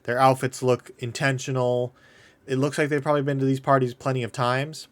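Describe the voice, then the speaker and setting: A man narrates a tabletop game as game master, easygoing and a bit halting. He speaks into a desk microphone at a middle pitch. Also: little pitch movement. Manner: casual, hesitant narration with fillers.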